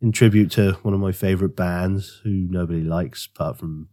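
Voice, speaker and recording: A man's voice: sits low, steady tone, a little fast, dark tone, dry recording, studio quality. A man co-hosting a podcast, chatting casually and rambling about his woodworking with frequent laughs. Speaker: podcast co-host. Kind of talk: casual chat.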